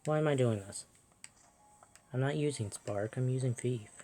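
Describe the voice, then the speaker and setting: A soft-spoken person musing aloud while playing a video game, often self-deprecating. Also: mid-range voice, moderate pace, faint music behind. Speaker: let's play host.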